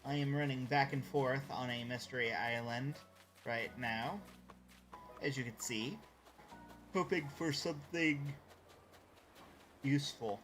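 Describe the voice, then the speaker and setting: A man's voice: mid-range voice, measured pace, pauses often, a bit bright, soft background music. A man chatting casually on a live stream while gaming, rambling and greeting viewers by name.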